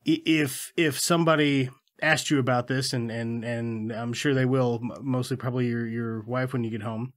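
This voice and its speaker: A man's voice: medium pitch, fairly even intonation. Podcast host guy, joking around and cursing a lot, loose chat about a movie. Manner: profane, joking, quick to laugh. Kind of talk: casual chat.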